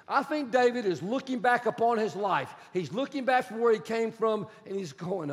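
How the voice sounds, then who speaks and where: A man preaching a sermon as a pastor, animated and acting out the dialogue he retells. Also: high voice, moderate pace, hardly any pauses, long reverb tail. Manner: animated, acts out quoted dialogue.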